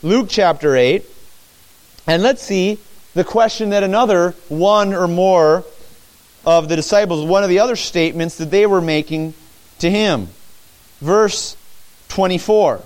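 A man preaching a sermon in church, animated, acting out the disciples' cries as he teaches. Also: high voice, unhurried, long pauses.

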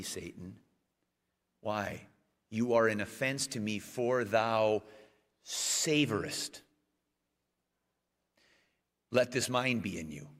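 A man delivering a sermon, pausing on slowed, stressed phrases and climbing into emphatic bursts. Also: medium pitch, fairly bright tone. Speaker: preacher. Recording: long reverb of a church hall.

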